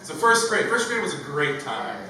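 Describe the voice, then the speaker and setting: Young male comedian, animated storyteller, recorded far off in a roomy venue with audience noise. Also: a little high, moderate pace. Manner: animated storytelling, acting out childhood voices. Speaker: stand-up comedian. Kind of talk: stand-up comedy set. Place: stage with a live audience.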